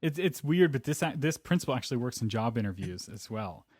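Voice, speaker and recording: A man hosting a podcast in easygoing conversation, working through his ideas in a measured, reflective way. His voice sits at an ordinary middle pitch. The sound is dry and close, with no room echo. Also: sing-song, darkish tone. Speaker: podcast host. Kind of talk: casual podcast chat.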